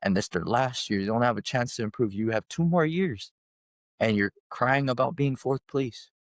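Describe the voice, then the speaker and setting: A man voicing his old high school coach, who yells and scolds him while teasing. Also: fast talker, no room sound, studio quality, close to an everyday voice. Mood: scolding. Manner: yelling, scolding yet teasing.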